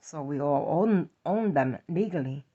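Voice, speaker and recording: A low-pitched woman with a New York accent recounts a personal story time in a confessional style, speaking at a measured pace with lively intonation. Her delivery is blunt, profane and emphatic, and the lo-fi recording sounds dull.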